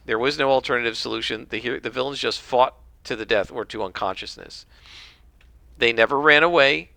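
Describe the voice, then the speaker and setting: A man's voice: mid-range voice, vocal fry, sharp tone, no echo. A man hosting a casual solo podcast, rambling and opinionated as he comments on a list. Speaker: podcast host.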